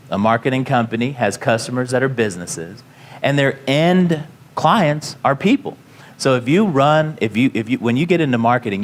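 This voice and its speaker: A company founder telling his career story to students, casual and rambling, full of "you know" fillers and restarts. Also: mid-range voice.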